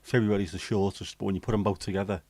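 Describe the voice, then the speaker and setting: A man's voice: fairly low pitch, level tone, rapid-fire, darkish tone, dry recording. A middle-aged man hosting a casual livestream chat, reading out viewer comments and answering them bluntly, swearing freely. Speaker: livestream host.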